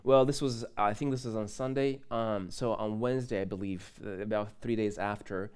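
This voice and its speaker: A young pastor with a lowish voice and clean tone talks at normal speed through a conversational sermon built around a personal story. He keeps it casual and lively, laughing, tossing asides to listeners, and putting questions to the congregation.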